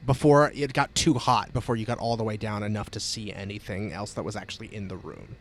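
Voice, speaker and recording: A man running a tabletop game as game master, relaxed and quick to laugh. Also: fairly low pitch, slight background noise.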